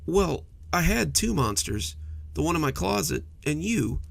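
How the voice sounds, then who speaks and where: A man's voice: on the high side, sing-song, a little slow, vocal fry, voice pushed up, exaggerated voice. A man doing a timid, stammering bed monster. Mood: apologetic. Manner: pleading, stammering. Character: timid frightened monster under a child's bed.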